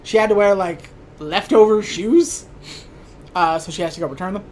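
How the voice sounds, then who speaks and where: A woman's voice: medium pitch, moderate pace, a little mellow, a little hiss or hum. Wry, sweary woman recapping a movie. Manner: wry, sweary, acts out characters' lines. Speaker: podcast co-host. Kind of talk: casual chat recapping a movie.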